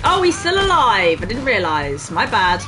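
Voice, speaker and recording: A woman's voice: mid-range voice, very animated, moderate pace, music in the background. A woman commentating casually as she plays a game, swearing freely and laughing at her own mistakes. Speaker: gaming streamer. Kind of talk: casual let's-play commentary.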